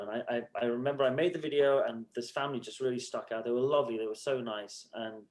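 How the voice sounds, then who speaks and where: An animated man telling a story as a podcast guest. He acts out conversations in other voices and swears freely. His pitch leaps around a lot. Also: quick pace, hardly any pauses. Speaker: podcast guest, band musician. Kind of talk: casual storytelling.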